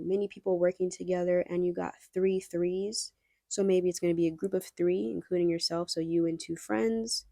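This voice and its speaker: A woman's voice: on the low side, dark tone, dry recording, clean studio sound. A young woman giving a casual pick-a-card tarot reading, chatty and rambling as she talks straight to her viewers. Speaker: tarot reader.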